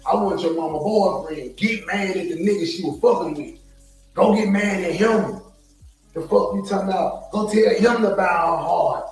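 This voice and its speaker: A man's voice: high voice, normal speed, darkish tone, distant mic. A man with a Southern US accent ranting on a live stream, profane and heated, repeating himself as he goes. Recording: echoey room, from off mic, faint music.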